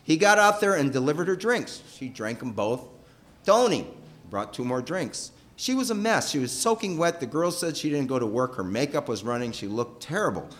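A middle-aged man telling a personal story with emotion. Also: moderate pace. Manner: emotional, animated, pitch rising and falling sharply.

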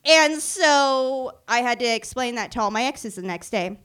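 A young woman telling a funny story about her own past to the camera, animated and self-mocking, acting out the other people's voices as she goes. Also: on the high side, moderate pace, clean tone. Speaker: vlogger. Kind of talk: storytime anecdote.

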